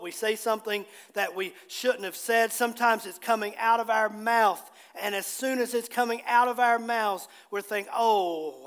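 A male pastor with a very high voice preaches a sermon in a church sanctuary. He is earnest and repeats key phrases for emphasis. His voice rings with the long reverb of the church hall. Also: a bit bright, clean tone.

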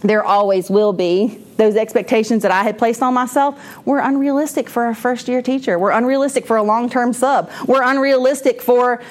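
A woman shares a personal testimony with a church class. Her voice sits a little on the high side. She talks candidly and loosely, breaking off and restarting her sentences and laughing as she goes. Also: fairly even intonation, normal speed, few pauses. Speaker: speaker at a church moms' class.

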